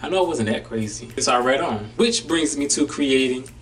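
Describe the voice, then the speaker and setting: A man's voice: mid-range voice, animated, moderate pace, fairly bright tone, distant mic. Laid-back slangy man vlogging. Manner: laid-back and slangy, loose run-on phrasing. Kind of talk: casual reflective vlog.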